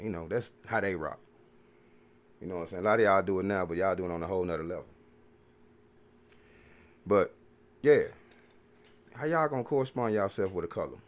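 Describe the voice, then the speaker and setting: A man's voice: low voice, animated, a little fast, pauses often. A man hosting a podcast, rambling through a casual, profane, preachy monologue full of repeated filler phrases. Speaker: podcast host.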